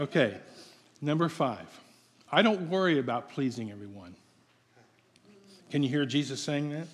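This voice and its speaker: A man's voice: medium pitch, animated, moderate pace, pauses often, breathy edge. A man preaching a sermon in a conversational, playful way, asking his congregation questions. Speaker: pastor. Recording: long hall reverb.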